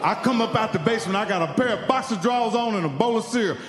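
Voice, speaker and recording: A man's voice: sits high, expressive, fast, fairly bright tone, in a large hall. A man from Indiana doing stand-up, telling a profane story and acting out the other people in it. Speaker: stand-up comedian. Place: live comedy venue.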